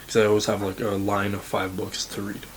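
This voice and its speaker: A man's voice: fairly low pitch, completely flat delivery, brisk, slight background noise, rough recording. An eighteen-year-old man from Canada giving blunt, casual self-improvement advice to camera as a university student, swearing freely and saying "like" a lot. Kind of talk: motivational talk to camera.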